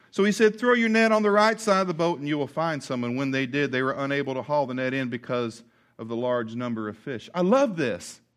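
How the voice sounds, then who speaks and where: A man's voice: high voice, a bit bright. A man preaching a sermon, retelling a Bible story with jokes and asides to the congregation. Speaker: pastor.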